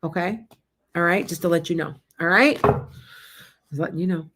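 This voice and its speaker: A woman's voice: on the low side, measured pace, noisy background. A middle-aged woman doing a live-streamed tarot reading, chatting casually and calling out viewers by name. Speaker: psychic tarot reader.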